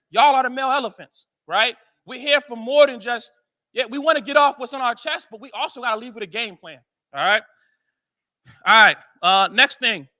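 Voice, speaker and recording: An American man speaking at a men's conference, telling stories to a live audience in an animated, joking way and asking the crowd questions. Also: extremely high pitch. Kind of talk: storytelling talk to a live audience.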